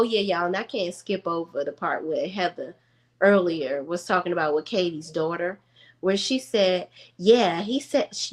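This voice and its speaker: A woman chats straight into her home camera. She is sassy and animated, talks to her viewers like friends, and keeps her recap casual. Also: medium pitch. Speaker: reality TV recap vlogger. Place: room at home.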